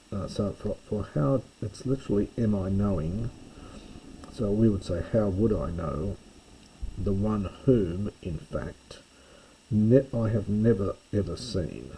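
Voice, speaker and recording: A man giving a careful, explanatory close reading of a Greek play as a lecturer, pausing to correct himself. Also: lowish voice, animated, vocal fry, mellow, a little hiss or hum, rough recording. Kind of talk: slow scholarly close reading.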